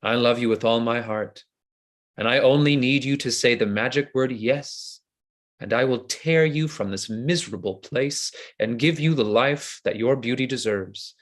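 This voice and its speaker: A man reading the part of a flattering, insincere noble seducer who makes flowery, ardent declarations, in a play reading over a video call. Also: medium pitch, normal speed, natural voice.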